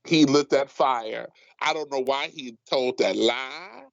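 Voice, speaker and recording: A man co-hosting a casual TV recap podcast, talking in an animated, emphatic way. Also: medium pitch, takes it slowly, creaky, no room sound. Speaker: podcast co-host leading the segment. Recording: dull, dry lo-fi sound.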